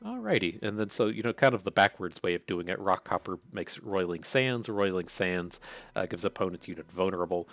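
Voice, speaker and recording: A man's voice: low-pitched, expressive, brisk, a bit bright, no echo. A man with an Appalachian accent casually thinking aloud through card draft picks, with many fillers and restarts. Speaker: card game content creator.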